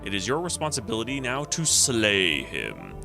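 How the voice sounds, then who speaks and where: A man's voice: lowish voice, huge pitch swings, moderate pace, creaky, over music, full character voice. A man reading the lines of a stern older male temple lector from a retro game, speaking in solemn, formal pronouncements. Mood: grave.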